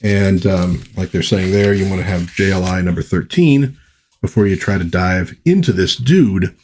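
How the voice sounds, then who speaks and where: A man's voice: sits low, moderate pace, darkish tone, a little hiss or hum. A man chatting casually through a comic book review, rambling and correcting himself as he goes.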